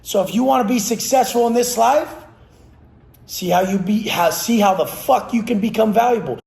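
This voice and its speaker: This fitness trainer has a high-sitting, creaky, somewhat dark voice and speaks at a normal speed. He delivers a blunt, aggressive motivational rant, preachy and full of heavy swearing, recorded in a room with noticeable echo.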